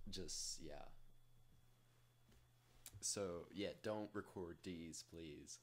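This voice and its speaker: A man casually rambling through a software tutorial, self-deprecating and full of jokey asides. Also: low-pitched, drawn-out words, long pauses. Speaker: tutorial host.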